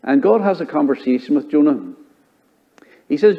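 Man, pastor, storytelling sermon, acts out dialogue, middle pitch, muffled lo-fi sound. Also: big pitch swings, normal speed. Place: church.

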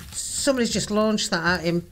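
A woman's voice: mid-range voice, very noisy. A woman reacting to a ghost-hunting video, jumpy and exclaiming, swearing often.

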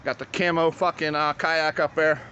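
In lo-fi phone audio full of outdoor noise, a man walks his house yard and street showing storm damage, swearing heavily and boasting in casual slang. He speaks at a moderate pace in a fairly high, steady, sharp-toned voice.

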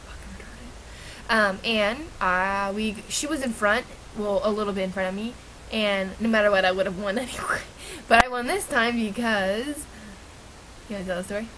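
A woman's voice: mid-range voice, normal speed, noisy background. A young woman chatting casually to camera with her twin, rambling and correcting herself as she goes. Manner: rambling, self-correcting, giggly. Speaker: vlogger, twin sister.

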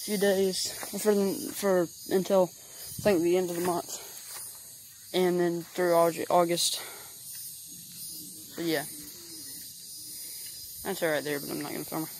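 A young man with a light Southern US accent, rambling through a casual home vlog on a handheld camera, full of "like" fillers. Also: high-pitched. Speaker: vlogger. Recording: noisy home video.

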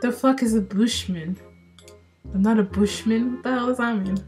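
Young woman, higher voice, bubbly, cheeky daily vlogger. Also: fairly even intonation, normal speed, a little mellow, soft background music. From Portland, Oregon, US. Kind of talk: casual chat.

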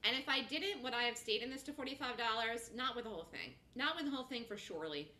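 An excitable woman hosts a live trading show and talks fast through each price move, gasping and squealing along the way. Her voice is fairly high and very bright. Her pitch swings widely from line to line. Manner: rapid, repetitive play-by-play. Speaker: day-trading show host.

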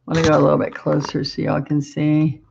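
A woman chatting warmly with viewers while she demonstrates painting in a live-streamed lesson. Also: low-pitched, monotone, fairly quick, creaky, muffled recording, background noise. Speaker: painting instructor.

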